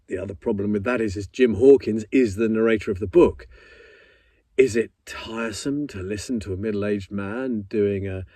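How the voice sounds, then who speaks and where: Middle-aged man with a low, husky voice. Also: dark tone, no room sound. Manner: reflective, earnest, musing with pauses. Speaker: audiobook narrator. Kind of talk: casual behind-the-scenes talk. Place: professional home studio. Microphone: studio microphone.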